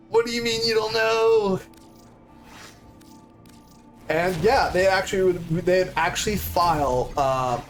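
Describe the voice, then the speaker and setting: Brief: young male streamer, slightly high voice, lively storyteller who swears, music low behind. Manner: animated, swearing, acts out quoted people. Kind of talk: casual storytelling.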